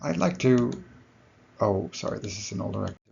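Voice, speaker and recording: A man's voice: fairly low pitch, animated, quick pace, gravelly, a little mellow, highs cut off, slight background noise. A man giving a recorded lecture to his students, explaining step by step and correcting himself as he goes.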